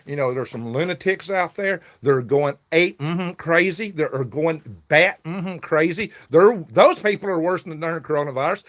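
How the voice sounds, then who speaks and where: A man's voice: on the high side, expressive, unhurried, a bit bright. A man hosting a casual livestream, telling a rambling, aggrieved story. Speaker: livestream host selling worms.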